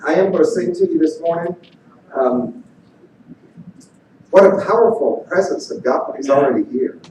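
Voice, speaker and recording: A man in his thirties, a visiting evangelist, who speaks to a church congregation and then sings in worship, getting loud and animated when excited. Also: on the high side, moderate pace, slight background noise. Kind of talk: church sermon and worship singing. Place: large church sanctuary. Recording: echoey hall picked up from far off.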